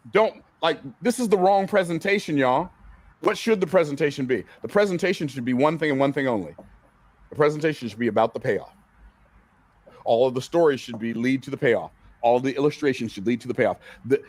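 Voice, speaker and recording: A man's voice: a little high, no echo. Guy coaching a seminar crowd, punchy and repetitive, dry close sound. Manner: emphatic, repeats key phrases, asks the audience questions. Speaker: business coach speaking on stage. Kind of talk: seminar teaching talk. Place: event room with a live audience.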